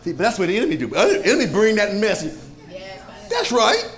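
A pastor preaching to his congregation in a lively, conversational way, with many rhetorical questions and frequent chuckles. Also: sits high, racing. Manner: chuckles often. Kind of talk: sermon.

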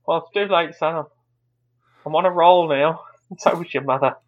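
A man's voice: on the high side, moderate pace, phone-quality sound, close to an everyday voice. A man playing a crude, blustering father who stammers and repeats himself in a comedy sketch. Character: crude blustering middle-aged dad.

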